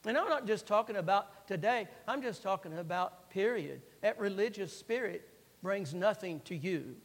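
A man preaching a sermon and reading scripture, swinging between loud emphasis and hushed, quiet phrases and repeating lines for emphasis. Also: high voice, animated, moderate pace. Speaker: pastor. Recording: long reverb of a large hall.

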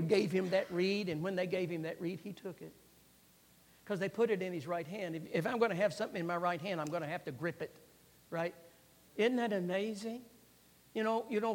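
A man preaching a sermon and reading scripture, swinging between loud emphasis and hushed, quiet phrases and repeating lines for emphasis. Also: high voice. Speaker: pastor. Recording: long reverb of a large hall.

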